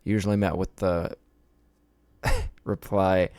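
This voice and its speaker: A man's voice: fairly low pitch, huge pitch swings, extremely slow, pauses often, a little mellow, dry recording, clean studio sound. A man hosting his podcast, ranting in a casual, profane, sarcastic and rambling way. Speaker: podcast host.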